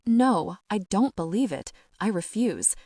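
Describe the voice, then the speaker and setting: A woman's voice: medium pitch, expressive, a little slow, warm tone, no room sound, clean studio sound. A woman voicing a frightened young woman who pleads in a raised, breathless, desperate way.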